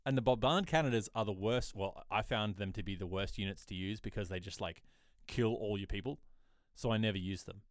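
Animated male podcast co-host. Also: fairly quick, no room sound, studio quality. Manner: animated storyteller, bursts into high-pitched quoted voices. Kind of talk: casual chat.

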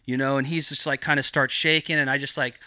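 Dude rambling thru a wild story on a podcast, swears nonstop, bright punchy voice, dry close mic. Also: male voice, medium pitch, flat delivery, quick pace, clear, resonant tone, dry recording. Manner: heavy swearing, rambling with lots of filler. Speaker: podcast guest, cannabis grower. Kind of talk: casual storytelling.

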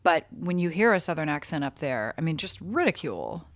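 Woman in her forties, low voice, chatty and self-correcting, dry close sound. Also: sing-song, fairly quick, no room sound. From North Carolina. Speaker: guest writer. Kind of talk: casual interview chat.

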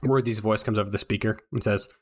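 A man narrating as game master of a tabletop role-playing game, relaxed and joking with his players. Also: fairly low pitch, fast talker. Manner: relaxed, joking, stops to laugh at his own flubbed accents.

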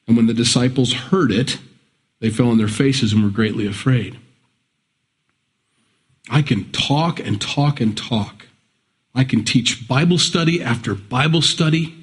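Conversational male pastor preaching. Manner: conversational preaching that rises in pitch for emphatic quoted pleas. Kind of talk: sermon.

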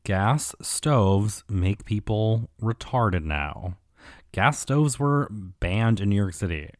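Deep-voiced man ranting, crude and rambling. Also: lively intonation, slow pace, dry recording, studio quality. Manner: rambling, crude, lots of filler. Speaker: commentary podcast host. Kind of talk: casual comedic rant.

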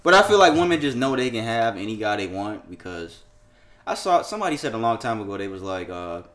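A young man co-hosting a casual podcast, his low voice rising and falling in lively swings. He swears freely, laughs easily and drifts between banter and reading news headlines aloud. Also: fairly quick. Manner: loose and profane, laughs, reads headlines aloud. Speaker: podcast co-host. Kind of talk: casual chat.

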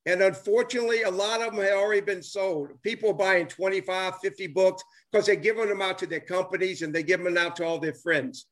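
This older man speaks with a lilt, and his voice sits higher than most men's. His casual chat rambles with enthusiasm, stumbling over fillers and restarts as he chases his point. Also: fairly even intonation, fairly quick, hardly any pauses, a bit bright. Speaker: former ballplayer and author. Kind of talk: casual chat on a live stream.

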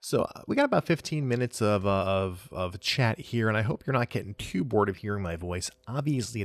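A young adult man hosting a solo gaming news podcast. He talks in a relaxed, chatty way, often trailing off and restarting, and chuckles at himself. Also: low-pitched, dry recording. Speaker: podcast host.

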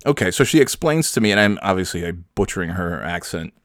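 A man from New York rambles through a story in a casual, joking way, full of "uh"s and "like"s. His voice is low and the sound is dry and close, with no room around it. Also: animated, fast talker, fairly bright tone, dry recording. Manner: rambling, joking, many fillers. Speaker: vlogger.

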